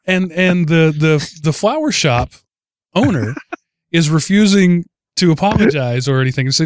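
Guy hosting a podcast, kinda high voice, laughs while telling a story, dry sound. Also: sing-song, measured pace, dry recording. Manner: storytelling, amused, chuckles often. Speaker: podcast host. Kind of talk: casual chat.

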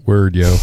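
A man hosting a podcast in a casual chat, congested and hoarse from allergies, tired but joking along. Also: on the low side, warm tone, no room sound, clean studio sound. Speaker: podcast host.

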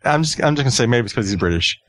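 A man's voice: medium pitch, animated, very fast, a bit bright. A man hosting a podcast in easy casual chat. He often repeats himself and laughs along as he talks. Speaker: podcast host.

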